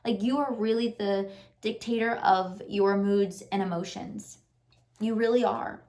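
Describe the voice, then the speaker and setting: A woman's voice: medium pitch, fairly even intonation, measured pace, a little mellow. A woman vlogger giving a casual, earnest motivational talk to the camera, repeating her encouragements with lots of "like" fillers. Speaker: lifestyle vlogger and life coach.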